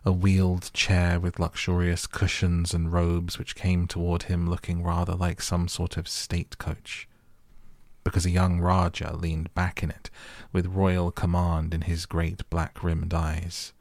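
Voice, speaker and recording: A man reads a storybook aloud as a calm bedtime audiobook. His voice is very low, gravelly and husky, with an even, flat delivery, recorded close and dry. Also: dry recording. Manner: calm, gentle, measured. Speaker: audiobook narrator. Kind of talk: soft bedtime audiobook reading.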